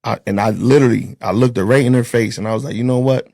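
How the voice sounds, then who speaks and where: Gravelly husky man telling his story. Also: medium pitch, steady tone, quick pace, mellow, no echo, studio quality. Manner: blunt, profane, acts out dialogue. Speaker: interview guest, former corrections officer. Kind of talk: casual storytelling.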